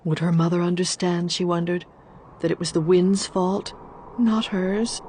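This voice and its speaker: A woman reading a children's storybook aloud in an expressive, deliberate way. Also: on the low side, a little hiss or hum. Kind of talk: storybook narration.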